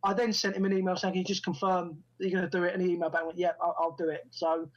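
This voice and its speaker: Husky man telling a story. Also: sits high, flat delivery, racing, dull audio. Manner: anecdotal, acts out quoted dialogue. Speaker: guest, actor and first-time film director. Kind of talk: casual storytelling in an interview.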